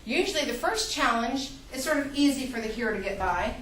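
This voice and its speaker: Female college lecturer, high and animated, acts out reader reactions, recorded from afar in a reverberant classroom. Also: fairly quick, slight background noise. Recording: echoey classroom, mic far off.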